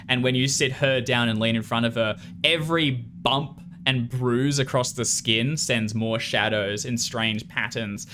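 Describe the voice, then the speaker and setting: A man narrating as game master of a tabletop horror game, unhurried and halting with fillers. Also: medium pitch, pushed and bright, a little hiss or hum.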